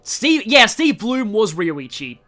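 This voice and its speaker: A young Australian streamer talks through a game in a bright, lively voice, bouncing up and down in pitch. They ramble eagerly, trail off and start again, keeping the talk loose and casual. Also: takes it slowly. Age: 20s. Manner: chatty and enthusiastic, trails off and restarts a lot.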